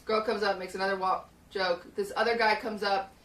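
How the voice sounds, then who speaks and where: A woman's voice: medium pitch, little pitch movement, a little fast, fairly bright tone. A young woman streamer casually retelling a story in a rambling way, with lots of fillers, in a small hot shed. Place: small hot shed used as a podcast studio. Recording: roomy, distant mic.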